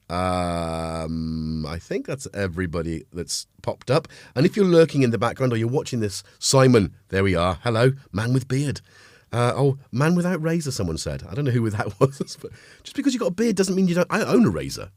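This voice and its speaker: A man's voice: medium pitch, dry recording, studio quality. Chatty North Welsh man with a cold. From North Wales. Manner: chatty, greets viewers, jokey asides. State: has a cold. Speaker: livestream host. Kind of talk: casual live-stream chat.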